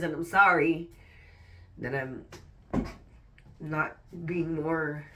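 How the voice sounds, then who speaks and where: A woman's voice: low voice, distant mic, slight background noise. A woman venting in a personal vlog while fighting back tears, swearing often and stopping mid-sentence to restart. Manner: raw, swearing, halting restarts.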